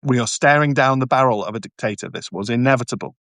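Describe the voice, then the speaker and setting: A man's voice: mid-range voice, fast, a bit bright, no echo. A barrister hosting a live stream, talking emphatically and often stumbling and restarting as he answers viewers' comments. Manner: mocking, sarcastic asides.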